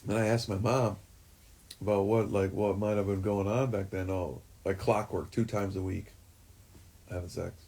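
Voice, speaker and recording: A man's voice: on the low side, fairly even intonation, moderate pace, mellow. A man talking in a rambling, profane way, full of fillers, in a livestream monologue. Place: forest shack.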